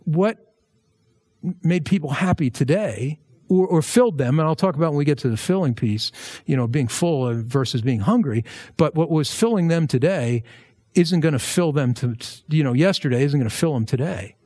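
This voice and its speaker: Chatty higher-voiced male pastor. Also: normal speed, no room sound, clean studio sound. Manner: conversational, jokey asides, lively emphasis. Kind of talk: verse-by-verse sermon.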